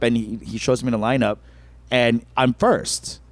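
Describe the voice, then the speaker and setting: A man co-hosting a comedy podcast, telling a story in an animated way with frequent laughs and casual swearing. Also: medium pitch, normal speed, no echo. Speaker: podcast co-host, stand-up comedian.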